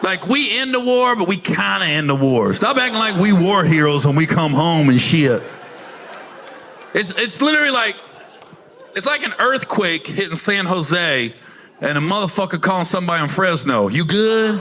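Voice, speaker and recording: A man doing stand-up comedy, telling profane, animated stories and acting out the people in them. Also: high-pitched, normal speed, a little hiss or hum. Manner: animated, profane, acts out characters in quotes.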